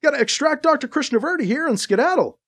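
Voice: sits high, animated, fast, a bit bright, voice pushed up. A narrator voicing a sheepish, apologetic male soldier who talks in casual slang. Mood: brisk. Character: nervous male soldier, apologetic trooper leader.

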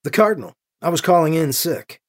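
Narrator as a wry, self-deprecating male priest, husky, close to an everyday voice. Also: medium pitch, lively intonation, fairly quick, natural voice.

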